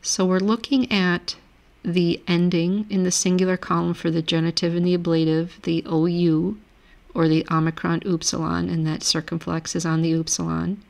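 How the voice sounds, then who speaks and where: Woman, lowish voice, gravelly fry, patient teacher, screen-share grammar lecture, desk mic. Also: level tone. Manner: patient, reads word lists aloud slowly. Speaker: language teacher.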